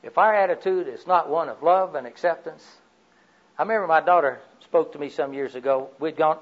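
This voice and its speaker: An older man preaching a sermon, telling personal stories in a folksy way, swinging from loud to quiet. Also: on the high side, lo-fi sound.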